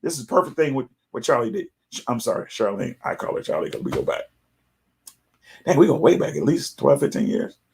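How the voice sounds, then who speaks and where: A middle-aged man hosting a casual live talk, chatty and animated, sometimes mimicking callers in a raised voice. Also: medium pitch, brisk, a little hiss or hum. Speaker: host.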